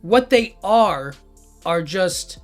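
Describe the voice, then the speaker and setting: A man's voice: sits high, animated, drawn-out words. A man recapping a manga chapter in a loose, casual way, filling his talk with "like" and "you know what I mean", with faint music behind. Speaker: anime and manga reviewer.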